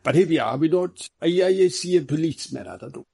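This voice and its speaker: A man's voice: on the high side, lively intonation, quick pace, gravelly, mellow, husky, dry recording, clean studio sound, pitched above the performer's own voice, exaggerated voice. A man voicing a wry, teasing foreign detective. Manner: clipped, oddly phrased English.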